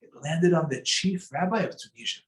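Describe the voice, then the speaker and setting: A man's voice: on the high side, brisk, roomy sound, rough recording. A man giving a conversational sermon in a synagogue, mixing in Hebrew terms as he tells a story. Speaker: rabbi.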